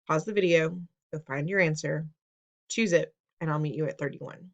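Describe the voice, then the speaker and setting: A woman's voice: sits low, normal speed, dull audio. A woman teacher walking students through reading test questions in a patient, instructive way, repeating steps and asking them questions. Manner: patient, instructive, playful teasing. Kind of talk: recorded test-prep lesson.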